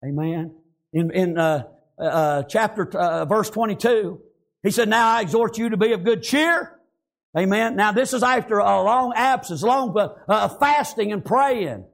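A man preaching in a fervent drawl, his voice sitting unusually high. He strings his sentences together with constant amens and praise Gods. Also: unhurried, vocal fry. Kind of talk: sermon.

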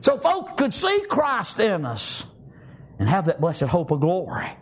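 A fervent male preacher with an unusually high voice for a man. He preaches a sermon, peppering nearly every line with "praise God" and "amen.". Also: huge pitch swings, measured pace, breathy edge.

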